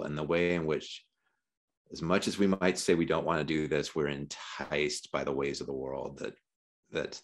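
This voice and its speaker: A man, a professor, talking through a theology discussion over a video call, reflective and dropping wry self-deprecating jokes. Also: low-pitched. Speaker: seminary professor.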